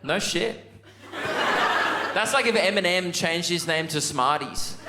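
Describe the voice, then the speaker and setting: A young man with an Australian accent and a fairly high voice works the crowd in chatty stand-up. His handheld mic sounds roomy in a big theater, and loud audience laughter rolls behind him. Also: animated, a little slow, heavy background noise. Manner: chatty, crowd-work banter with acted-out voices. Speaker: stand-up comedian. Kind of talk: stand-up comedy. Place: large theater stage.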